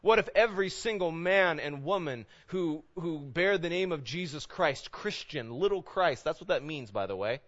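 A man's voice: on the high side, lively intonation, normal speed, a bit bright, dull audio. A man in his thirties preaching a sermon in a conversational way, full of rhetorical questions. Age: 30s. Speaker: pastor.

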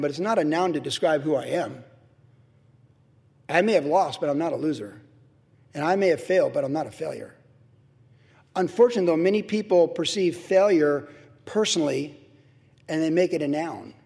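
Middle-aged pastor, emphatic conversational preacher, high voice, sermon in a reverberant sanctuary. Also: male voice, animated, a little fast, vocal fry, long pauses, a little mellow. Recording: long reverb of a large hall.

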